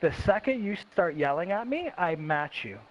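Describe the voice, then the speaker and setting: Higher-voiced man, dull lo-fi sound. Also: sing-song, normal speed. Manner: emphatic, repetitive self-reflection. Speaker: host. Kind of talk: casual chat. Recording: dull lo-fi sound with faint hiss.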